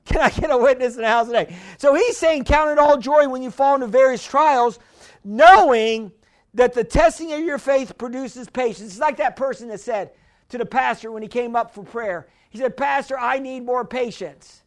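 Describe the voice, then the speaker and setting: A woman preaching a sermon, emphatic, repeating key phrases and stumbling into restarts, slowing right down to stress a point. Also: high-pitched. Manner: slows down hard to stress lines.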